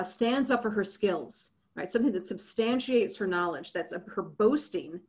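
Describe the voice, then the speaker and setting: A woman giving an academic lecture, lively and often checking in with her listeners. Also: medium pitch, muffled recording. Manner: lively, checks in with frequent "right?".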